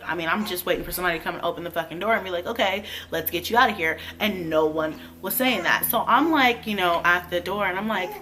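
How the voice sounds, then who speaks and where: A woman's voice: lowish voice, fast talker, few pauses, a little hiss or hum. Blunt, cussing storyteller woman. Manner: profane, blunt, animated storytelling. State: heavily pregnant. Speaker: vlogger. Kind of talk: storytime vlog.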